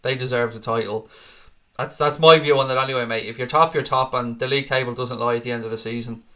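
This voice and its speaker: A man's voice: medium pitch, fairly even intonation, quick pace, bright, forceful tone. A tired man hosting a football fan live stream, chatting casually and answering viewer comments by name, calling them mate.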